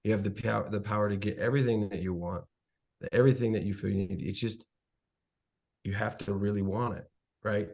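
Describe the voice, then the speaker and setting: Male interview guest, lowish voice, relaxed and earnest, motivational. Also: fairly quick, gravelly, slightly rough. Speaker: podcast guest, author. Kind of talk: casual interview talk.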